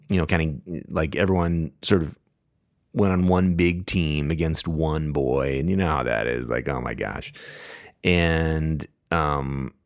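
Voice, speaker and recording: A middle-aged man hosting a podcast, telling a family story casually with frequent laughs and lively voices for the people he quotes. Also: very deep voice, vocal fry, no room sound, clean studio sound. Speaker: podcast host.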